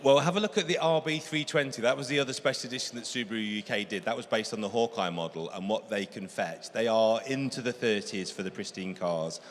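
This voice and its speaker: A man's voice: lowish voice, fast talker, few pauses. An English man giving enthusiastic, knowledgeable commentary as a car expert at a live auction. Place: auction hall. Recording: hall reverb with faint room noise.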